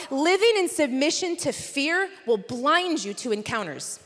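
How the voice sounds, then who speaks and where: A woman preaching at a conference, telling a funny story with lively, animated delivery. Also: sits high, unhurried, few pauses, long reverb tail. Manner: animated, comic storytelling with laughs. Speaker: conference speaker. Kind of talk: storytelling sermon. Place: conference hall.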